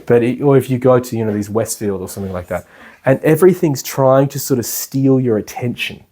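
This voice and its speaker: A man's voice: mid-range voice, fairly quick, dark tone. A man giving a casual, rambling meditation class indoors, chatting and laughing as he explains. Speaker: meditation teacher. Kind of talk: casual spoken lecture.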